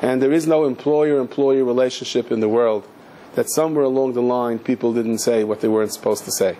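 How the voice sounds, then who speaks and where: A rabbi telling a story in a sermon, lively, moving between narration and acting out the characters. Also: male voice, medium pitch, fairly quick, a little hiss or hum. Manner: animated, acts out the characters in a story.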